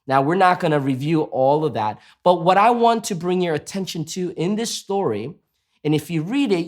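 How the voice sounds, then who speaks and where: A man preaching a sermon as pastor, emphatic and asking the congregation rhetorical questions. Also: high-pitched.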